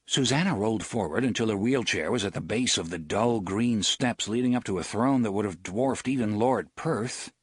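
A man narrating an audiobook in an expressive, theatrical reading. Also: fairly low pitch, normal speed, hardly any pauses, husky, dry recording, clean studio sound. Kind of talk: scripted narration.

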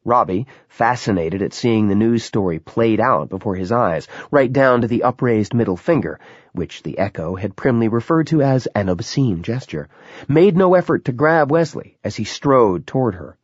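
A man narrating a novel in a lively, dramatic reading. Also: mid-range voice, normal speed, breathy edge, no echo. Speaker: audiobook narrator. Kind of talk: scripted narration. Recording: dull, lo-fi sound.

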